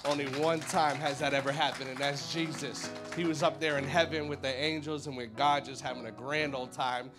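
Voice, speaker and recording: A man preaching a sermon at a church service, energetic and casual, full of slang and jokes. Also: medium pitch, brisk, few pauses, over music. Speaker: guest preacher.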